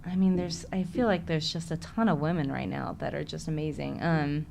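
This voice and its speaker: A woman's voice: low-pitched, steady tone, normal speed, vocal fry, a little mellow, slight background noise. A woman with a Chicago accent, an actress talking candidly in a casual interview and laughing often. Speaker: actress, podcast guest.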